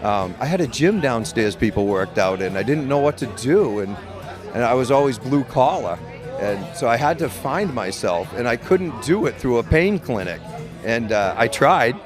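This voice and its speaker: A man's voice: mid-range voice, big pitch swings, normal speed, over music, a crowd in the background. A middle-aged man, a medical cannabis patient and grower, telling his story in an interview in a blunt, profane, rambling way with many restarts.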